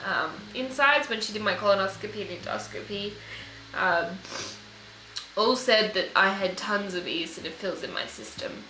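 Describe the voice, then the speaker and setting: A young woman recording a personal video diary, speaking in an emotional, halting way while tearful. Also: medium pitch, expressive, bright, forceful tone, a little hiss or hum. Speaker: vlogger. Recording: echoey room with faint music.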